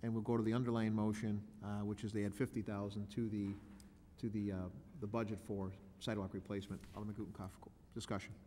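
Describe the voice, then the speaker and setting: A man serving as mayor, chairing a city council meeting and calling votes with halting, procedural speech. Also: on the low side, little pitch movement, dark tone, slight background noise. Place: council chamber. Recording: long reverb council chamber audio.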